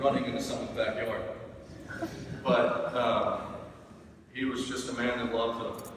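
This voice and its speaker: A man's voice: mid-range voice, level tone, a little slow. Man telling a story in an echoey hall. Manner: anecdotal, retells a joke with laughter. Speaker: son giving a eulogy. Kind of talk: memorial speech, storytelling. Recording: echoey hall, distant mic, background noise.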